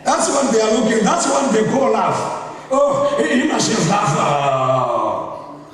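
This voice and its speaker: High-voiced preacher man in an echoey hall. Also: big pitch swings, measured pace. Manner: call-and-response preaching; bursts into shouting. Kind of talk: sermon. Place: church hall. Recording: echoey hall, far from the mic.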